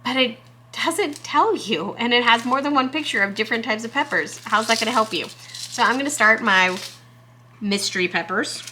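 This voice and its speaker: A young woman from Texas, chatting casually to camera as a gardening vlogger in a chatty, excitable, self-deprecating way. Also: fairly high pitch, moderate pace, slight background noise.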